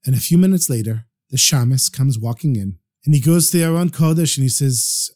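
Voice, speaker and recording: A man telling a story aloud in a lively, animated way. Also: medium pitch, a little fast, few pauses. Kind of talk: oral storytelling.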